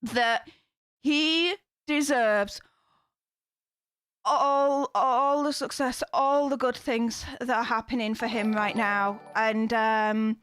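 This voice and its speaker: High-voiced woman gushing to her stream. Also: fairly even intonation, slow pace, a bit bright, clean tone, no room sound. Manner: gushing, effusive thanks to viewers. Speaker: live-stream host. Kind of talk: casual live-stream chat.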